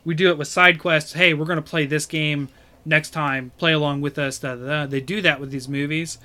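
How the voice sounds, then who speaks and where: A man hosting a podcast in casual chat, rambling with many pauses and restarts. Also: a little high, fairly even intonation, pushed and bright. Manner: rambling, lots of fillers and restarts. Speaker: podcast host.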